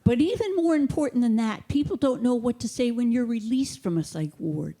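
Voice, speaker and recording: A woman comedian delivers her set with a deadpan, mock-authoritative manner. Her voice sits somewhat higher than most women's. She is recorded through a handheld mic on a theater stage. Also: brisk. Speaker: stand-up comedian.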